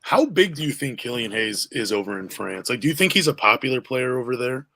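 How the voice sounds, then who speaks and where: A man's voice: mid-range voice, big pitch swings, a little fast, pushed and bright, a little hiss or hum. A man hosting a casual sports podcast, chatty and full of questions for his co-host. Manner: chatty, asks questions, self-deprecating.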